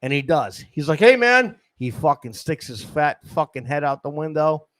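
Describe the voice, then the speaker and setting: New man in his thirties, podcast host, profane rambling storyteller, slightly high voice, dry close mic. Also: fairly even intonation, normal speed, no echo. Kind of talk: casual storytelling. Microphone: studio microphone.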